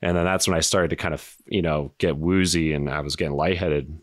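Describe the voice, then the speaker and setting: A man in his thirties, a retired soldier and podcast guest, telling a story in a casual, halting way with lots of fillers and swearing. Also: extremely low pitch, steady tone, no echo, clean studio sound.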